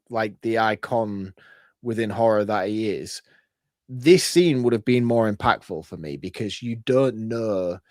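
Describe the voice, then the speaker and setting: A middle-aged British man, co-hosting a podcast, chatting casually and thinking his points through out loud. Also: mid-range voice, no room sound, studio quality. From Britain. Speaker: podcast co-host. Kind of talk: casual chat.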